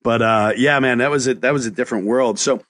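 A man hosting a podcast as a chef. He talks casually in an animated, profane way and often stumbles into restarts as he tells stories. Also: mid-range voice, fast. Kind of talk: casual chat.

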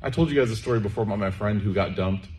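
A man's voice: fairly low pitch, very fast, darkish tone, a little hiss or hum. A man giving a conversational sermon to a live audience, joking and checking in with listeners, then leading a closing prayer. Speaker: preacher.

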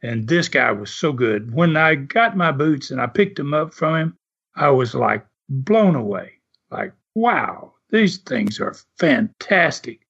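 A husky, creaky, slightly bright voice of medium pitch, unhurried but with lively intonation, belongs to an older Southern ex-wrestler. He tells stories casually in a drawl, chuckling and using many "uh" fillers. The recording is dull lo-fi.

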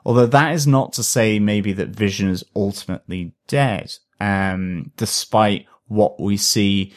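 Man, lowish voice, slow pace, hesitant, filler words, podcast co-host. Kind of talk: casual film review chat.

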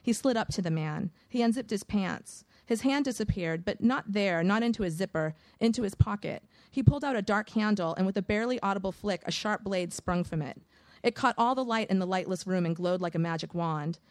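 A woman reading a first-person audiobook in a measured, vivid storytelling manner. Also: medium pitch, a little mellow, no echo. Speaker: audiobook narrator.

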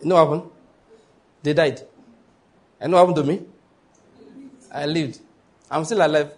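A man's voice: a little high, fairly even intonation, moderate pace. A man preaching a sermon, emphatic and storytelling, with repetition and call-and-response. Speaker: pastor.

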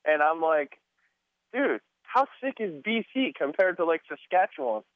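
A podcast guest A man chats casually, retelling stories and playing the other people's lines. His voice sits a bit high. It comes through a narrow, phone-like channel with no room sound. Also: very animated, moderate pace, no echo. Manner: laid-back storyteller, acts out quotes. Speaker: podcast guest, motocross mechanic. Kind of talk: casual chat. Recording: tinny phone-like line.

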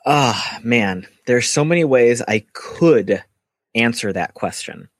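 A man's voice: medium pitch, expressive, slow, no echo, clean studio sound. A man co-hosting a podcast, making jokes in a mock-grumpy way. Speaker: podcast co-host. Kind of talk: casual podcast interview.

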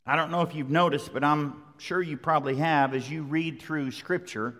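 Preacher in a reverberant sanctuary. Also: male voice, fairly high pitch, normal speed. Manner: conversational, emphatic with repetition. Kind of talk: sermon. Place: large church sanctuary. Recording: long hall reverb.

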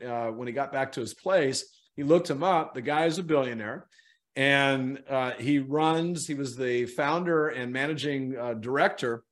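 A middle-aged man, a guest in an interview, telling an animated story and acting out the people in it. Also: mid-range voice.

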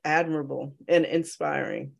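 Affirming woman co-host, lower voice. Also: moderate pace, creaky, dull audio. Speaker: podcast co-host. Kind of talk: interview conversation.

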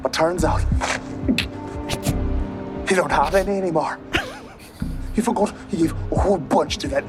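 An actor playing a crude gangster with an exaggerated, put-on Irish accent in a movie clip. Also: male voice, a little high, moderate pace, long pauses, close to an everyday voice. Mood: sneering. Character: rough male Irish gangster, crude and sneering. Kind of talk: action film acting. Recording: movie clip over music.

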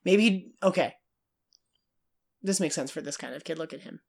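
A woman co-hosts a relaxed film chat in an animated way. She acts out lines from scenes and laughs as she goes. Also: sits low, moderate pace, vocal fry, breathy edge. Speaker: podcast co-host. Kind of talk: casual film discussion.

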